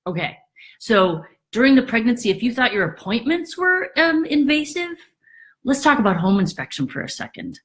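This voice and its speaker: A woman realtor talking casually to camera, acting out quoted worries in a higher voice. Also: normal speed. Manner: animated, acts out quoted thoughts in a high voice. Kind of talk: casual explainer monologue.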